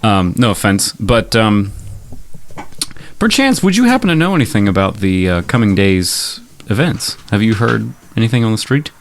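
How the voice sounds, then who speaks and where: A man's voice: lowish voice, big pitch swings, normal speed, slight background noise. A man voicing a strange, formal adventurer who speaks in stilted, hesitant, overly polite phrasing. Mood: stiff polite. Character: odd formal creature adventurer, polite and wordy.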